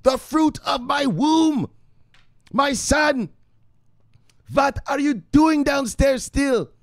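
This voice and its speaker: A man voicing a doting, overbearing mother who calls out to her son in a shrill, melodramatic cry. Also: no echo, studio quality, exaggerated voice. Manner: drawn-out, melodramatic calling.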